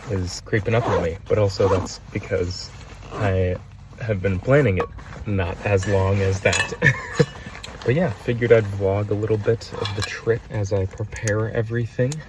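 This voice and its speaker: A man's voice: fairly low pitch, noisy background. A young man chatting upbeat and self-teasing in a casual hiking vlog, recorded on a handheld camera on a wooded trail outdoors. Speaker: vlogger.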